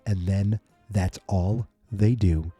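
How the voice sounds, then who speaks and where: Male podcast host, mellow tone, dry close sound, loose rambling recap delivery. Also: fairly low pitch, steady tone, slow pace, husky, dry recording, soft background music. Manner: rambling, self-correcting, mock-quoting characters. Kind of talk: casual episode recap.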